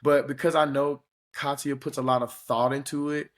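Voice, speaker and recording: A man's voice: mid-range voice, little pitch movement, normal speed. Young man co-host with a mid-range voice, sincere and loose, lots of "like". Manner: earnest, rambling with fillers. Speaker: podcast co-host. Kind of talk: casual chat.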